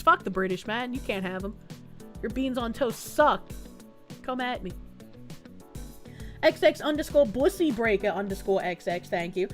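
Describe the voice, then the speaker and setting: A woman's voice: on the high side, animated, normal speed, pauses often, fairly bright tone, soft background music. A woman from Boston streaming live, reacting to clips with crude jokes and reading out chat messages. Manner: crude, joking, reads chat messages aloud.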